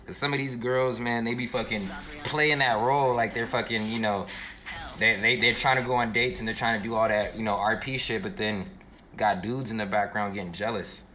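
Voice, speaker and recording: A man with a low, very bright voice chats freely on a gaming stream. His talk is slangy and full of swearing, and he laughs at himself. Faint noise sits under the voice. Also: steady tone, a little fast. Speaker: gamer on a stream chat. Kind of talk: casual chat.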